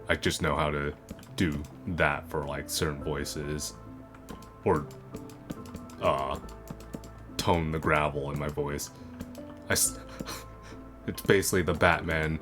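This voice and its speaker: A man with an extremely deep voice talks through his gameplay at an unhurried pace. He wanders between thoughts, dropping "uh" and "like" as he goes. Game music plays clearly beneath him, with keys clicking now and then. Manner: rambling, full of fillers and self-corrections. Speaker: gaming video creator. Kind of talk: casual gameplay commentary. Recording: game music playing underneath.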